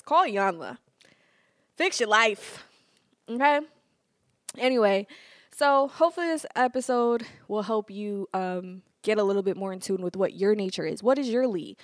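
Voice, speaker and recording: Woman podcast host, casual solo talk, lively and jokey, mid-range voice, dry close mic. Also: medium pitch, dry recording. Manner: animated, laughs often, playful mock quotes.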